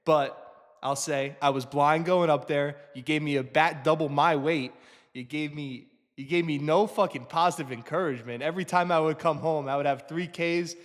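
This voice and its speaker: A man in his twenties with a New Jersey accent, co-hosting a casual chat, swearing constantly and mocking himself with animated energy. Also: on the high side, normal speed, big-room sound. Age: 20s. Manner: profane, animated, self-mocking. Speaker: co-host.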